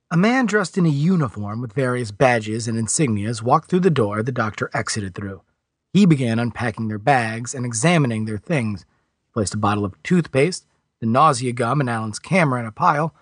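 A man reading a novel aloud as a narrator, in a steady storytelling delivery. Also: mid-range voice, brisk, slightly rough, dry recording, studio quality. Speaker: audiobook narrator. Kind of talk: scripted narration.

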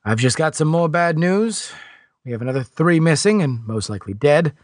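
A man's voice: a little high, animated, normal speed, no echo, pitched above the performer's own voice, lightly acted. An older, earnest man weighed down by worry, as a male narrator puts him on. He speaks heavily and sincerely. The sound is dry and close. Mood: worried. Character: older anxious male official, worried.

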